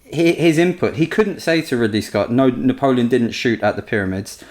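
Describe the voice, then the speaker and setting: A man co-hosting a history podcast, a historian chatting casually and acting out anecdotes in quick put-on voices. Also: medium pitch. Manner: chatty, storytelling, animated impressions.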